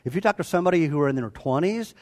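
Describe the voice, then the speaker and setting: A man in his sixties preaching a sermon to a congregation, animated and joking with them as he teaches. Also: fairly high pitch, rapid-fire. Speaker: pastor. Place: church before a live congregation.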